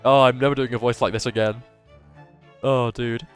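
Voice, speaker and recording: A man's voice: medium pitch, normal speed, soft background music. A man streaming a game playthrough live, chatting energetically to his viewers. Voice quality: energetic, laughing.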